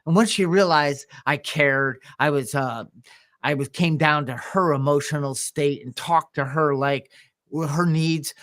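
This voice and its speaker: Male co-host, slightly high voice, halting storyteller with restarts. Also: fairly bright tone. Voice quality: visually impaired speaker. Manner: halting, restarts and throat clearing. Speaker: podcast co-host and coach. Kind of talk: casual storytelling chat.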